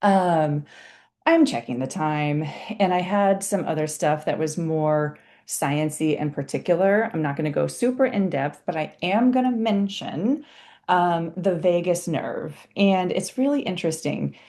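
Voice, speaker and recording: A woman teaching parents in a casual live online session, chatty and animated, often laughing as she explains. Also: fairly low pitch, measured pace. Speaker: parenting educator. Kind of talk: casual live webinar talk.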